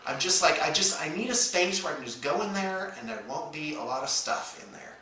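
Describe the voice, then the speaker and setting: A man's voice: a little high, animated, brisk, pushed and bright, a little hiss or hum. A middle-aged man co-hosting a casual morning talk show, joking dryly at his own expense with lots of hesitation. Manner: dry, self-mocking humor with frequent hesitations. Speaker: radio show co-host. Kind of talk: casual banter. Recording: echoey room, distant from the mic.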